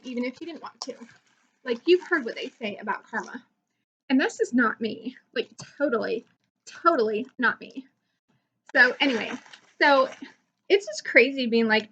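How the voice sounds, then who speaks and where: Woman playing a bright, high-voiced valley girl YouTuber, self-absorbed and rambling, muffled lo-fi take. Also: slight background noise. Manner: says "like" constantly, gossipy rambling. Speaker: comedy channel host. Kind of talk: comic character monologue.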